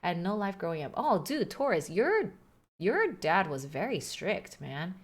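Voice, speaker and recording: A woman's voice: lowish voice, unhurried. A woman streaming a game, commenting casually and joking as she reads along. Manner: animated, joking, laughs often. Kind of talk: casual let's-play commentary.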